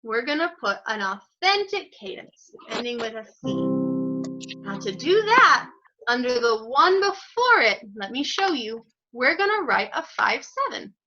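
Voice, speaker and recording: Music teacher, woman, bright lively high voice, encouraging, lo-fi sound. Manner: encouraging, praises students by name; slow, step-by-step instructions. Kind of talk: online group music lesson. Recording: dull lo-fi audio.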